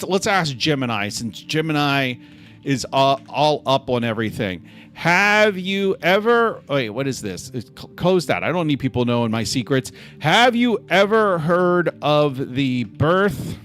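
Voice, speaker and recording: Animated, sarcastic man streaming. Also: medium pitch. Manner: animated, sarcastic, mock-outraged. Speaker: livestream host. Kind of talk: casual live-stream chat.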